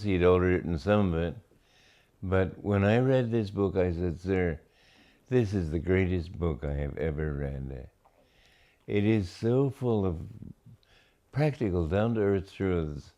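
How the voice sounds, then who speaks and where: An older man, a spiritual teacher, gives a reflective talk on scripture. He speaks slowly and deliberately, pausing often between phrases, and his voice sits low and mellow.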